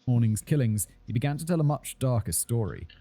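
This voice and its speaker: A man narrating a true-crime video in a measured, scripted storytelling delivery. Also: medium pitch, dark tone.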